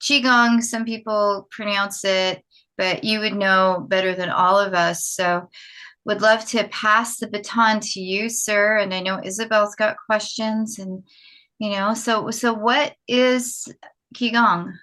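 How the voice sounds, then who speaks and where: Female podcast host, bright tone, effusive and chatty. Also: mid-range voice, steady tone. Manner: effusive, chatty, drawn-out phrasing. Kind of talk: casual podcast chat.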